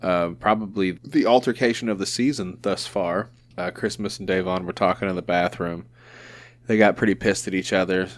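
A man's voice: low-pitched, fairly even intonation, normal speed. Joking, foul-mouthed podcast host man. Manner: profane, joking banter. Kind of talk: casual chat.

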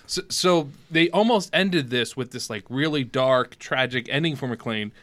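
A man co-hosting a casual movie podcast, walking through plot details with eager restarts. His voice is bright and forward, at an ordinary pitch. The sound is dry and close. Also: measured pace, no echo. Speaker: podcast co-host.

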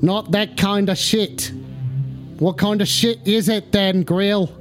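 A man putting on a comic Australian accent to read chat messages aloud, in a slow, drawn-out delivery. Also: sits high, steady tone, soft background music. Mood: mock Australian.

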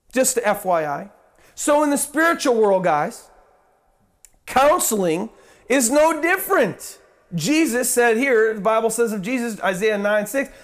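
A man preaching a conversational sermon, earnest, slowing down for repeated lines of emphasis and slipping into mock-whiny asides. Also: extremely high pitch.

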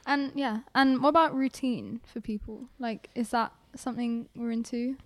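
A woman with a fairly high voice leads a casual chat, tossing in jokes and quick asides. She giggles easily and keeps things light. The feel is of friends talking on a podcast. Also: steady tone, dry recording. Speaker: podcast host.

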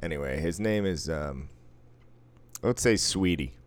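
A man's voice: a bass voice, expressive, a little slow. A man from Boston co-hosting a podcast, telling teasing stories in casual chat. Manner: teasing storyteller.

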